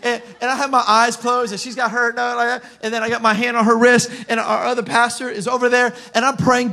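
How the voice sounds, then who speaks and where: A man pastor, telling funny stories in a sermon to his congregation, animated and self-mocking, breaking into shouts as he acts out scenes. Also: very high-pitched, brisk. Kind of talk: humorous sermon storytelling. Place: church auditorium with live congregation.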